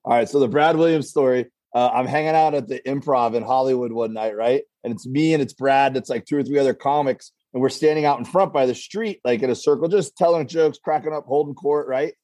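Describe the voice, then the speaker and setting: A man's voice: mid-range voice, fairly quick, hardly any pauses, mellow, no room sound. A man, a comedian guest on a talk show, telling rambling stories and acting out voices. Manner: rambling storyteller, acts out voices in quotes. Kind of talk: casual talk show anecdotes.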